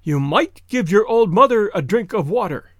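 A man voicing an elderly island woman who speaks in a slow, dejected, plaintive way. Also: high voice, very animated, fairly bright tone, dry recording, clean studio sound, pitched above the performer's own voice.

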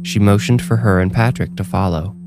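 Deep-voiced man narrating horror. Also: a little fast.

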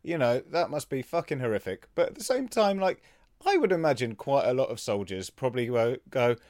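A man's voice: medium pitch, sing-song, brisk, a little mellow, no room sound. A man with an ordinary mid-range voice rambles loosely as a podcast guest, laughing and swearing as he goes. His tone is casual and easy. He is close-miked in a dry space. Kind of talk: casual comedic podcast chat.

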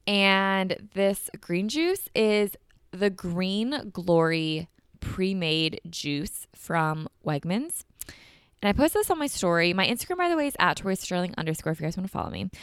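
A woman's voice: fairly low pitch, clear, resonant tone, no room sound, studio quality. A young woman hosting a casual solo podcast, chatty and bubbly, saying "like" a lot and a little congested from allergies. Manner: bubbly, chatty, heavy use of "like". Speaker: podcast host.

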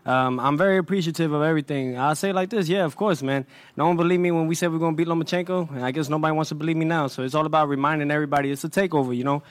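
Brash swaggering young boxing champion. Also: male voice, fairly high pitch, very fast, dry recording. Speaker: boxing champion at a press conference. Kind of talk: press conference trash talk.

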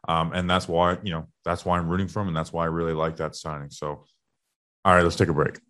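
A man's voice: sits low, flat delivery, quick pace, a bit bright, no echo, studio quality. A man co-hosting a sports podcast, chatting casually and rambling through stats with plenty of restarts.

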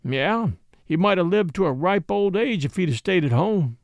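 A man's voice: high-pitched, animated, moderate pace, vocal fry, dry recording. A man voicing a practical, level-headed frontier dog-driver in plain, matter-of-fact backwoods talk. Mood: agreeing.

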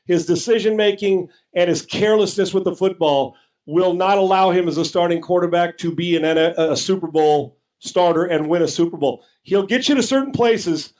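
A man's voice: high-pitched, normal speed, a little mellow, rough recording. A man co-hosting a sports talk show, arguing emphatically and casually with some profanity, often repeating words as he starts a sentence.

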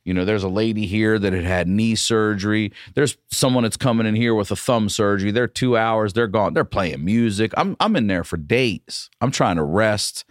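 Middle-aged male comic with a low, swooping delivery, dry close mic. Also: normal speed, hardly any pauses, no room sound. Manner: animated, profane, storytelling. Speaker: comedian guest. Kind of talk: casual storytelling.

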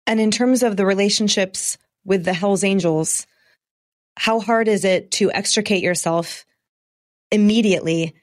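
Measured woman interviewer. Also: medium pitch. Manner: measured, probing questions with some restarts. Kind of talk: interview questions.

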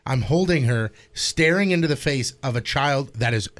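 A man's voice: medium pitch, normal speed. A man talking casually with co-hosts, acting out what was said. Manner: expressive, acts out quotes. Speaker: co-host. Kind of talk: casual chat.

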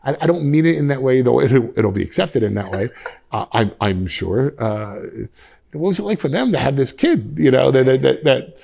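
A man in his fifties from Westchester, New York, speaks as a podcast guest, with a gravelly, fry-tinged voice at an ordinary pitch. He tells stories animatedly, restarting his sentences often and slipping into quoted voices. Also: very animated, moderate pace, darkish tone. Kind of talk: reflective storytelling in a podcast interview.

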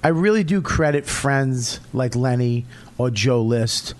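A man's voice: medium pitch, animated, a little slow. Profane man telling blunt stories. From Boston area, USA. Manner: profane, blunt storytelling with loud outbursts. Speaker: comedian guest. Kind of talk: casual podcast chat.

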